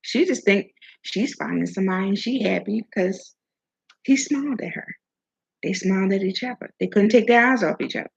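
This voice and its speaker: A woman's voice: mid-range voice, normal speed, creaky, husky, lo-fi sound. A woman talking casually and preachily about self-worth and love, swearing now and then, with food in her mouth. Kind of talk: casual motivational talk.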